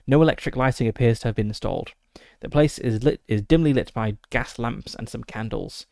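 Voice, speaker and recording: Gravelly man reading a solo adventure. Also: mid-range voice, dry recording, clean studio sound. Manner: steady descriptive reading with frequent "uh" fillers. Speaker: streamer running a solo tabletop game. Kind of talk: reading a gamebook aloud with asides.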